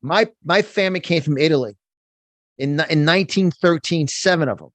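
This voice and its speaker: A motivational speaker in a guest interview, a man with a fairly high voice and a fired-up, emphatic delivery that keeps doubling back on his words. He talks from his home studio, and the sound is dry and close. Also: moderate pace, a bit bright, dry recording. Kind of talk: animated interview talk.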